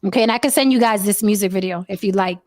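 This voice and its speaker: A woman telling a wild personal story in casual chat, profane and animated. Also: medium pitch, racing.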